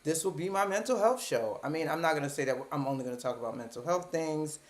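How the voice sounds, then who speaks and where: A woman's voice: sits low, animated, fast talker. Woman psychiatrist in her 30s chatting on a webcam live stream, casual, cracks little jokes about herself. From Baltimore, United States. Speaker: psychiatrist hosting her own channel. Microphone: webcam at a computer.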